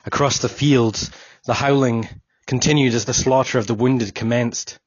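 Husky man reading an audiobook. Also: mid-range voice, fairly even intonation, dry recording. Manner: solemn, measured first-person reading. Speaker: audiobook narrator. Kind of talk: scripted narration. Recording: dull, dry audiobook recording.

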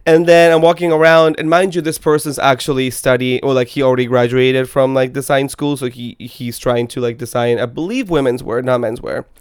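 A man's voice: medium pitch, fairly even intonation, brisk, few pauses, clear, resonant tone, no echo, clean studio sound. A young man co-hosting a podcast, chatting casually with sassy, teasing banter. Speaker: podcast co-host. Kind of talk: casual chat.

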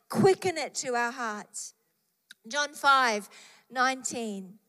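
Female preacher, high voice, slow and emphatic delivery, repeats key phrases; echoing hall. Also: fairly bright tone. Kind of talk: sermon.

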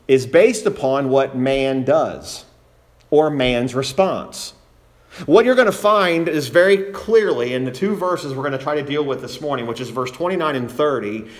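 A man preaching a sermon in a church, teaching earnestly and repeating phrases for emphasis. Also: medium pitch.

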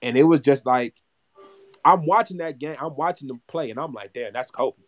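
A man's voice: a little high, moderate pace. Rambling man in his twenties. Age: 20s. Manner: rambling, repeats words, swears freely. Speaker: podcast co-host. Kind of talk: casual chat.

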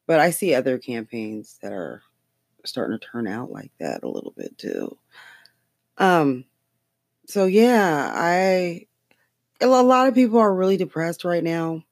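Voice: mid-range voice, huge pitch swings, unhurried, vocal fry, no room sound, clean studio sound. A podcast host talking about politics in a loose, rambling way, swearing and laughing often. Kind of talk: casual political chat.

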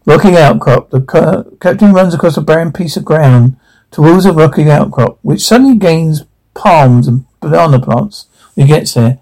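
A man reading a script aloud, halting and slipping over words. His voice is a little high, gravelly and dark-toned. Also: poor audio. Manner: halting reading with slips and restarts. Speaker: reader.

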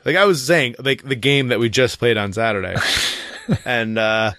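A man's voice: medium pitch, normal speed, no echo, studio quality. A man who coaches girls' soccer, chatting casually and laughing as he tells stories about his team. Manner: laughing, animated storyteller. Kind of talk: casual chat.

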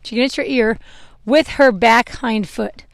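A young woman talks casually as she grooms her horse outdoors, wandering from topic to topic and chuckling at her own stumbles. Her voice sits a little high, and a clip-on mic keeps it close and dry. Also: a little slow, dry recording. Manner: chatty, rambling, laughs at her own slips. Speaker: horse owner and vlogger. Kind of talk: casual chat while grooming. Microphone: clip-on microphone.

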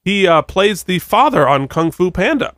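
A man's voice: high-pitched, big pitch swings, normal speed, a bit bright, dry recording, studio quality. A man co-hosting a podcast, chatting casually and rambling with self-corrections. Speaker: podcast co-host. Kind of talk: casual chat.

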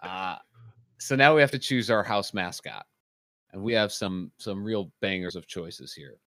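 A man leading a casual comedic chat in a deadpan, mock-serious way. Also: low voice, measured pace, dry recording.

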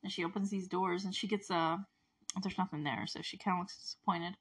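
A woman's voice: lowish voice, steady tone, brisk, a bit bright, slightly rough. A woman giving a casual, chatty recap of a TV episode, gushing and rambling with fillers and frequent laughter.

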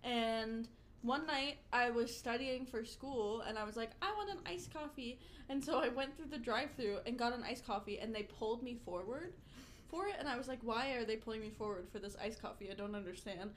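A young woman co-hosts a casual podcast, telling stories about old jobs in a slightly high voice. She tells them with animation and keeps breaking into laughter at the punchlines. A faint ambient hum sits under her voice. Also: a little fast. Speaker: podcast co-host. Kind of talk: casual chat, storytelling.

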